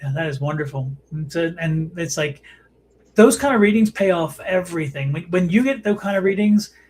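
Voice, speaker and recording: A man's voice: fairly high pitch, animated, moderate pace, darkish tone, slight background noise. A man hosting a live psychic and tarot show, explaining at length in a rambling way with many restarts. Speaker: host and tarot reader.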